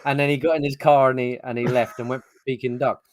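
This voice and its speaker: A man's voice: medium pitch, little pitch movement, fast, no echo. Man, English, podcast co-host, chatty storyteller, swears freely, dry room. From England. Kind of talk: casual chat. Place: podcast setup. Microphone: podcast mic.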